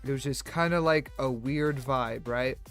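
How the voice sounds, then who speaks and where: A man streaming, telling a story in a rambling, animated way with many restarts and fillers. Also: mid-range voice, a little slow, soft background music. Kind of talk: casual storytelling on a live stream.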